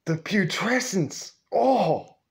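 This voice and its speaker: A man's voice: sits high, lively intonation, extremely slow, gravelly, pitched above the performer's own voice, heavily acted. A man voicing a fussy, disgusted male Satan with prissy, appalled sighs.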